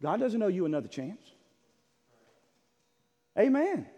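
A man's voice: fairly high pitch, expressive, normal speed. Impassioned preacher man in an echoing hall. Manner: impassioned preaching, voices God's words, swings from shouting to hushed. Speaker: pastor. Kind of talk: sermon. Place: church sanctuary. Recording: long echo of a large hall.

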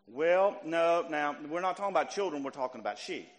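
A man preaching a sermon to a church congregation. He is animated, climbing to near shouts and then dropping low. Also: fairly quick, long reverb tail. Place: church sanctuary.

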